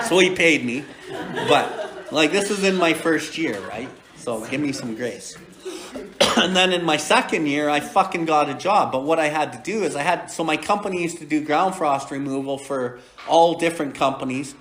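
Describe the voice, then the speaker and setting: A man's voice: a little high, normal speed, roomy sound, crowd noise. A man in his forties hosting a recovery podcast, telling a story in a blunt, profane, casual way with frequent laughter. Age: 40s.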